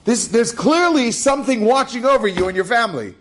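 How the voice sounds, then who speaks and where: A man voicing a stern, middle-aged German infantry officer, speaking slowly and emphatically in a raised voice. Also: very high-pitched, lively intonation, a bit bright, voice pushed up. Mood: awed, solemn.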